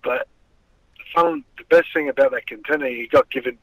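A middle-aged man with a raspy, gravelly voice, fairly high for a man and bright with a forceful edge. He tells his stories in a loose, swearing, animated way. The sound is dry and close. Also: normal speed, dry recording, low-quality recording. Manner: swearing, rambling, animated storyteller. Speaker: former boxer, guest. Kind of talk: casual storytelling interview.

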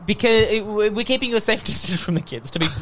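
A man's voice: high-pitched, quick pace, fairly bright tone, a little hiss or hum. A man hosting an improv comedy podcast, bossily herding kids as a flustered instructor. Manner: bossy, playing a flustered instructor.

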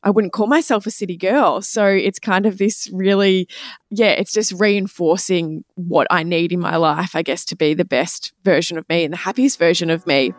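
A woman's voice: fairly low pitch, fairly even intonation, normal speed, no echo, clean studio sound. A woman guest speaking in a reflective, easygoing way with many fillers. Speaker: guest nutritionist. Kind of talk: casual conversation.

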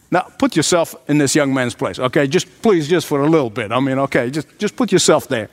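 A man's voice: medium pitch, expressive, fairly quick, hardly any pauses. A man preaching a sermon in an earnest, emphatic way, often speaking straight to his listeners.

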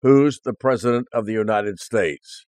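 A man doing a brisk, joking woman nurse. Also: fairly low pitch, no room sound, natural voice. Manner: brisk, loud. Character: joking night-shift hospital nurse, woman.

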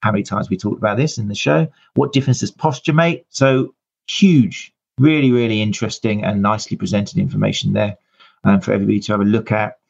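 A man with a low, husky voice hosts a live podcast and rambles warmly through the introduction with plenty of ums. The sound is dull and lo-fi, like a streamed call. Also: steady tone, fast. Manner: chatty, rambling, many fillers. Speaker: podcast host. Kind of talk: casual live-show introduction and interview.

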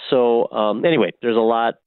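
A priest talking as a guest on a call-in radio show, gentle and reflective, with many pauses and fillers. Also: male voice, mid-range voice, clear, resonant tone, no room sound. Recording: tinny phone line, dry.

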